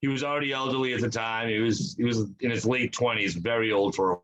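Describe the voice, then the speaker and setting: Bright-voiced rambling young man. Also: medium pitch, steady tone, fast, a little hiss or hum, poor audio. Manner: rambling storyteller, swears a lot, acts out quotes. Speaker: podcast co-host. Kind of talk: casual chat.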